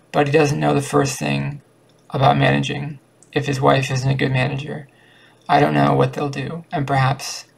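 A man's voice: medium pitch, creaky, slightly rough, low-quality recording. A man voicing a fussy, talkative older spinster woman in an audiobook reading, in a plain reading voice.

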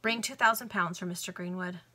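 A woman's voice: on the low side, steady tone, brisk, pushed and bright, breathy edge. A woman voicing a desperate male Victorian banker in a read-aloud novel, pleading and agitated.

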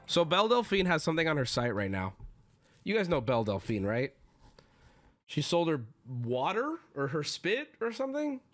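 A male streamer chatting casually into a desk mic. His voice sits fairly high and swoops up and down as he tells stories and jokes with his viewers. Faint music plays behind him. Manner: animated storytelling, swearing and teasing chat. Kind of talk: casual live-stream chat.

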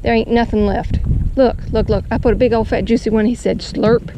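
A woman's voice: fairly high pitch, fairly even intonation, a little fast, noisy background. A woman, narrating casually while fishing from a kayak, chatting to the fish and viewers with folksy phrases. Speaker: fishing vlogger. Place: outdoors on a kayak on the water.

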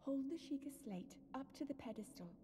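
An actress voicing a mysterious disembodied female voice that gives solemn, calm guidance in a video game. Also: sits high, fairly quick, faint music behind. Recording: long reverb over faint ambience.

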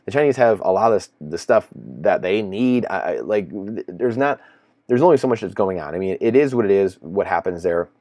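A low-pitched man talks in a loose, rambling commentary, circling back to the same phrases with an incredulous edge. The sound is dry and close, with no room around his voice. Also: animated, a little fast, darkish tone, dry recording, lo-fi sound. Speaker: finance commentator. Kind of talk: casual solo commentary.

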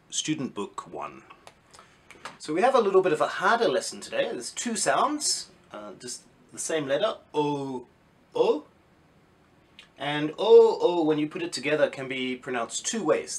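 A man with a fairly high voice teaches a children's phonics lesson, sounding out letters slowly and clearly while asking and answering his own questions.

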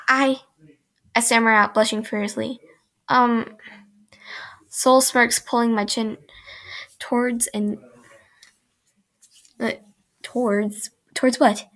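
A young woman reads a fan fiction aloud from her own channel, tripping over words and circling back to fix them. Her voice sits on the high side, and she breaks off now and then for casual, chatty comments to her viewers. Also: flat delivery, fairly bright tone. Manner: halting, stumbles and restarts mid-sentence.

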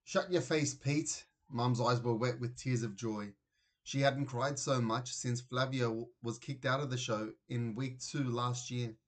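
A man narrating a children's storybook aloud in an expressive reading voice. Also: medium pitch, measured pace. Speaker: reader.

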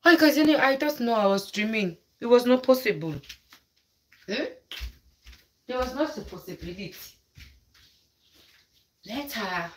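A woman's voice: on the high side, expressive, measured pace, pauses often. A woman vlogger telling a story to her live viewers in a dramatic, exclaiming way. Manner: dramatic, exclaiming, mixes in local words. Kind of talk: casual storytelling chat with viewers.

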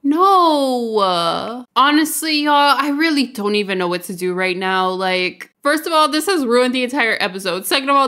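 A woman hosting a let's play, giving casual, excitable game commentary and laughing often. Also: a little high.

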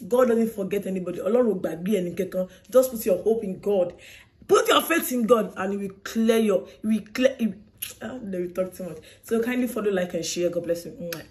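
A woman's voice: mid-range voice, lively intonation, brisk, a little mellow. A Nigerian woman vlogger speaking casually to her viewers, upbeat and preachy as she thanks God and asks them to follow and share. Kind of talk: casual address to camera.

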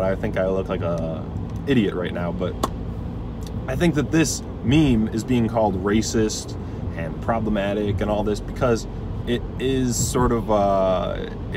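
A man hosting his own video, rambling through his thoughts in casual commentary, with plenty of fillers and small laughs. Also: on the low side. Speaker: video essay host. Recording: outdoor traffic noise. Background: passing cars.

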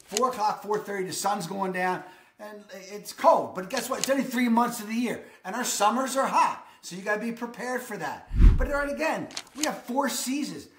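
A man's voice: sits high, normal speed, a bit bright, a little hiss or hum. Brief: male real estate vlogger, emphatic and upbeat, roomy echo. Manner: enthusiastic, emphatic, repeats "I'm telling you". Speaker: real estate video host. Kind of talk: energetic real estate vlog.

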